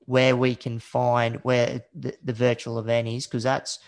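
Gravelly Australian man hosting a podcast. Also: mid-range voice, completely flat delivery, unhurried. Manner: friendly, says "mate", hesitant. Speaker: podcast host. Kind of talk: casual interview chat.

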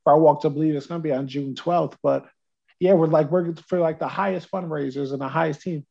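A man's voice: fairly high pitch, steady tone, a little fast, gravelly, dark tone, slightly rough, dull audio. A man from New Jersey, talking as a guest in a casual interview over a remote call, upbeat and rambling, often repeating words.

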